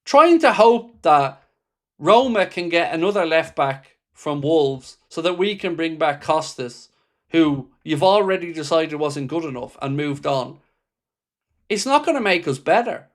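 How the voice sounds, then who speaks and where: Male stream host, fairly high-pitched, blunt and impassioned, swears freely while answering viewer comments. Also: lively intonation, unhurried. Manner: reads viewer comments aloud and answers them. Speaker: football fan channel host. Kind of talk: livestream reaction chat.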